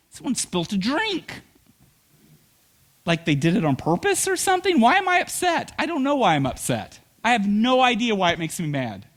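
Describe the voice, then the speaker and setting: A middle-aged man preaching from the pulpit in a notably high voice that leaps wildly up and down. He tells humorous stories and delivers them with animated energy. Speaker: pastor. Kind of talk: sermon.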